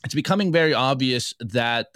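A man's voice: medium pitch, animated, normal speed, fairly bright tone, dry recording, clean studio sound. A man co-hosting a podcast, talking casually and emphatically, with frequent restarts and an indignant edge. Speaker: podcast co-host. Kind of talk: casual opinion chat.

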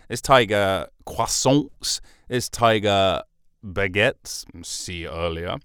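A man rambles alone on his comedy podcast, swearing and circling back on himself mid-sentence. His voice sits fairly low and comes through smooth and resonant, recorded close and dry with no room sound. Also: animated, slow pace, fairly bright tone, no room sound. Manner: meandering, self-interrupting, sweary. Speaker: podcast host.

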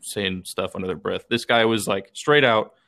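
A man's voice: fairly low pitch, normal speed, creaky, a bit bright. A young man from Texas, co-hosting a podcast and telling rambling, swear-laden stories full of fillers. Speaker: podcast co-host. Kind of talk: casual chat.

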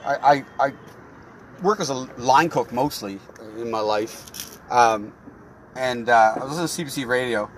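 A man's voice: mid-range voice, moderate pace, slight background noise. A man hosting a podcast, chatting loosely with lots of swearing. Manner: loose, profane, rambling. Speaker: podcast host. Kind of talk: casual chat.

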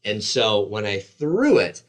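A man in his forties in casual conversation, telling a story about his own injuries in an animated, self-deprecating way and acting out the voices of others. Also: fairly low pitch, slow.

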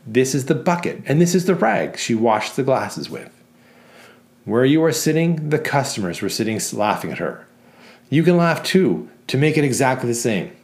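A man reading the part of a young bride who performs a slow, mocking song about a barmaid's revenge. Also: medium pitch, very animated, darkish tone. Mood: playful. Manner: theatrical, slow, mocking storytelling.

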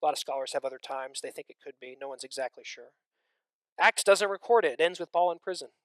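A man preaching a sermon, swinging between loud emphatic stretches and hushed near-whispers, with conversational asides to the congregation. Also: a little high, quick pace, dry recording.

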